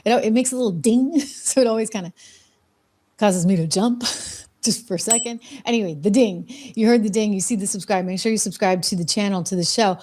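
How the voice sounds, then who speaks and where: A woman's voice: mid-range voice, brisk, darkish tone. A middle-aged woman hosting a daily news show, giving chatty, opinionated commentary with frequent fillers and restarts.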